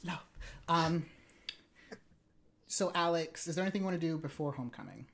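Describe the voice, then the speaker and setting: A woman narrating as game master in a tabletop role-playing game, casual and halting. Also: low voice, gravelly. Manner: casual, halting, with many fillers and apologies.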